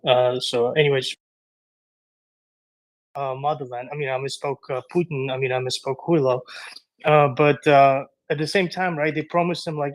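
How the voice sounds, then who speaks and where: Loud rambling man on a live chat. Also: mid-range voice, fairly even intonation, moderate pace, no room sound, poor audio. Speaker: guest speaker. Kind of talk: casual chat.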